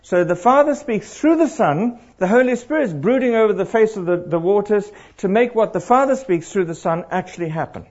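A middle-aged man preaching to a congregation, animated and throwing questions out to the crowd. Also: high voice, brisk, hardly any pauses. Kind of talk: interactive sermon. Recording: dull lo-fi live recording.

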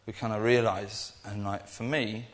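Young guy preaching, kinda rambly and earnest, lowish voice, big echoey hall. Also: level tone, normal speed. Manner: rambling and earnest, with many restarts. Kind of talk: informal sermon.

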